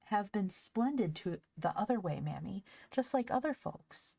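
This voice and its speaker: A woman's voice: mid-range voice, normal speed, creaky, breathy edge, no room sound, pitched above the performer's own voice. Brief: eager young girl, read by a woman, earnest, dry studio audiobook. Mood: excited. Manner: earnest and excitable. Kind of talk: audiobook character voice.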